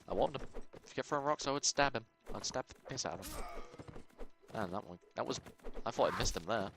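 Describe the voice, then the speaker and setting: A man giving casual commentary on his game, excitable, muttering to himself and swearing. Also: mid-range voice, fast talker, vocal fry, rough recording. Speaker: gaming channel host.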